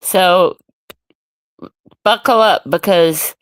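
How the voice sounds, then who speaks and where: Woman streamer, slow and dry, ranting at chat. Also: mid-range voice, expressive, fairly bright tone, no room sound. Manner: ranting, irritated, reacting to chat. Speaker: livestream host. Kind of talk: casual solo livestream chat.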